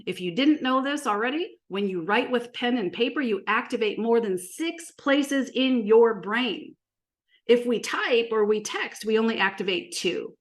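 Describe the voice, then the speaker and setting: A woman who works as a marketing coach, giving an energetic, animated presentation full of stories and rhetorical questions. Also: a little high, a little slow. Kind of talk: presentation to an audience.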